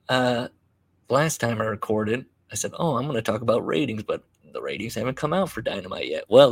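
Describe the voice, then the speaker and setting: A man hosting a podcast, telling a story in a wry, self-deprecating way with many halting fillers. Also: lowish voice, gravelly, husky, no room sound. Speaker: podcast host. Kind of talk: casual storytelling monologue.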